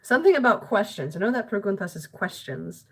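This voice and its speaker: A woman's voice: medium pitch, very animated, brisk, gravelly, fairly bright tone, breathy edge. A girl in her late teens, talking to herself at home in a rambling, self-deprecating, chatty way while doing homework. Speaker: vlogger.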